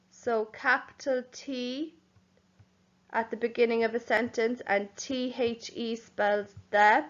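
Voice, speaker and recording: A young woman teaches young children at an easy, unhurried pace, spelling each word out letter by letter. Her voice sits fairly high, and the recording is a bit dull and lo-fi. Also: level tone. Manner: slow and clear, spelling words out letter by letter; gently addresses children as boys and girls. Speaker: primary school teacher. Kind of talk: home learning lesson for young children.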